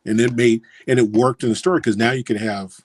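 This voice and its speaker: A man's voice: mid-range voice, fairly even intonation, fast talker, a little mellow. A man in casual podcast chat, easygoing and agreeable as he chimes in with his own points. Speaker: podcast co-host.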